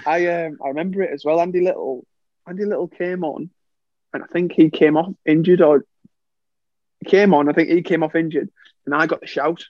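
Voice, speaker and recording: A young man with a fairly high voice recounts his playing days in relaxed podcast chat. He laughs easily and acts out quoted lines. The sound is dry and a little dull. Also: a little fast, dry recording. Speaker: former footballer guest.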